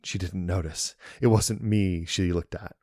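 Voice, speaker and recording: A man narrating a first-person horror story in a calm, even storytelling manner. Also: low voice, a little slow, no echo, clean studio sound.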